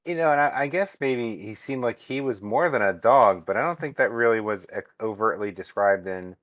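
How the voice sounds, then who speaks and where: Male panelist, loose casual talker with a somewhat low voice. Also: fairly quick, a bit bright. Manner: rambling, heavy on fillers like "you know". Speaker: podcast panelist. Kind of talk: casual book discussion.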